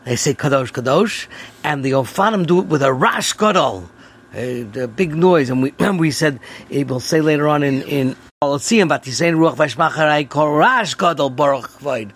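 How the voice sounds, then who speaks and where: Husky-voiced man teaching a daily prayer class. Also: on the high side, lively intonation, moderate pace. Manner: explanatory, sprinkled with Hebrew and Yiddish terms. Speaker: host.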